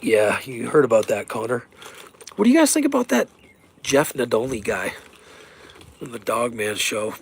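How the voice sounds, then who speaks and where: A man talks to his camera in a loose, rambling monologue, cursing freely and growing excitable as he spins conspiracy talk. His voice has a gravelly edge and a husky grain. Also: medium pitch, normal speed, long pauses. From Colorado, USA. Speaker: vlogger.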